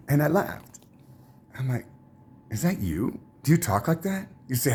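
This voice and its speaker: A man telling a personal religious testimony in a rambling, halting way, full of restarts and trailing asides. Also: on the high side, sing-song, dark tone, breathy edge. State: tired, emotionally drained. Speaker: religious teacher.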